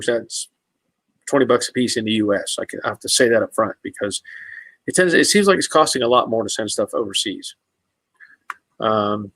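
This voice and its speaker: A man's voice: mid-range voice, vocal fry, fairly bright tone, no echo, poor audio. A man hosting a casual live stream, answering viewers' comments in an easygoing, rambling way with many fillers and restarts.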